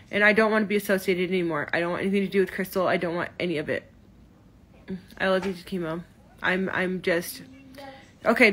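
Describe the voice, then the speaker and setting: A woman's voice: medium pitch, fairly bright tone. A woman in her thirties venting on a phone livestream, emotional, hurt and defensive, with many restarts. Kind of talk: upset livestream rant. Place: in her car.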